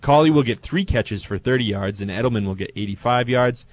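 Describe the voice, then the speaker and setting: A man co-hosting a sports talk radio show, calmly reading out listener messages and predictions. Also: medium pitch, a little fast, no room sound.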